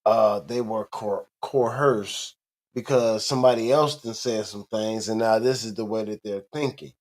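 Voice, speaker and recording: A man's voice: lowish voice, fairly even intonation, darkish tone. Laid-back man podcast co-host. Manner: laid-back, reasoning slowly, laughs. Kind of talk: casual chat.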